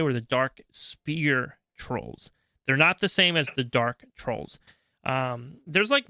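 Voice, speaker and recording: Gravelly, bright-voiced male podcast host. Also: on the high side, no room sound, studio quality. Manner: chatty, checks in with frequent "right?". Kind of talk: casual lore explainer.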